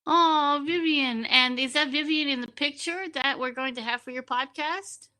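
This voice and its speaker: Bright, chatty woman podcast host. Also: sits high, moderate pace. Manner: chatty, repeats words as she asks questions. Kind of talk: casual interview.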